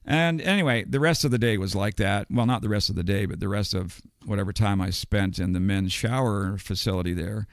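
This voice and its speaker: Brisk and barely pausing, an older man from the United States delivers a long, digressive story as a podcast guest, with chuckles between details. His voice sits lowish, and the recording is dry and clean, as from a studio.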